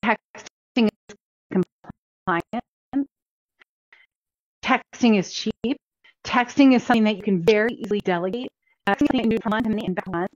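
A woman's voice: medium pitch, normal speed, pauses often, no room sound. Upbeat woman coaching, dull dry sound. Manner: chatty, upbeat, repeats key points. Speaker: chiropractor coaching practice owners. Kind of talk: instructional talk.

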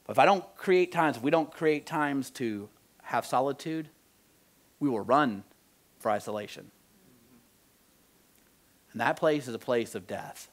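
A male pastor preaching a conversational sermon in church, moving between soft, slow emphasis and animated outbursts. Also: mid-range voice. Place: church sanctuary.

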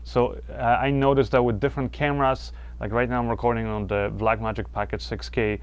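Recorded through a clip-on wireless lavalier on his shirt, a gear reviewer casually reviews a wireless microphone. His mid-range voice is smooth and level, moving fairly quickly as he walks through the settings, often restarting and using fillers.

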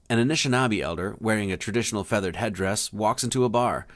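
A man hosting his own video, calmly narrating a scripted joke and introduction. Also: on the low side, fast, few pauses.

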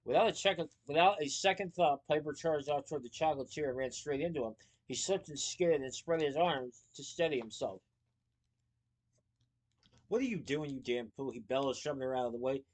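A man's voice: on the high side, brisk. Man reading a storybook aloud. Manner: lively with small slips and asides.

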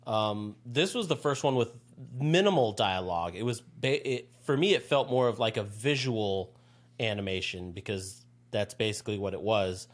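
A man co-hosting a cartoon podcast, relaxed and hesitant, with plenty of fillers and the odd swear. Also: fairly low pitch, moderate pace. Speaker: podcast co-host. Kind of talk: casual chat.

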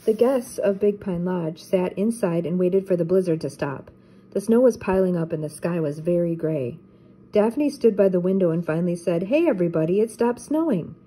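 An older woman, a teacher, reading a children's book aloud in a gentle, even storytelling manner. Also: lowish voice, moderate pace, husky, poor audio.

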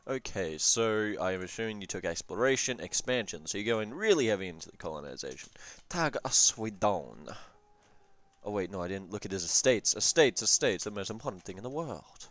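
A man's voice: on the low side, animated, fast, few pauses, fairly bright tone, no echo. A young man casually reviewing a strategy game session, rambling with profane jokes and asides. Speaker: gaming commentator.

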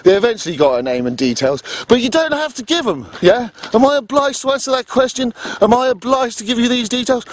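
A man's voice: very high-pitched, expressive, a little fast, hardly any pauses, no room sound. A man with a profane, emphatic manner delivers a ranting vlog monologue, tagging "yeah?" onto his points. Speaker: vlogger.

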